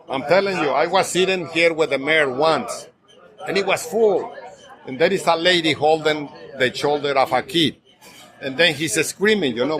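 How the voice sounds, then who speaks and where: A man tells lively stories and slips into the voices of the people he describes. His voice sits a little high for a man. A busy crowd chatters clearly behind him in the restaurant. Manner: animated anecdotes, acts out quoted voices, laughs often. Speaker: restaurant owner. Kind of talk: casual storytelling interview.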